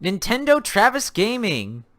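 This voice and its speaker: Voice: mid-range voice, wildly swooping pitch, a little slow, a bit bright. A young adult livestream host chatting casually with viewers, reading chat aloud and ranting sarcastically about games.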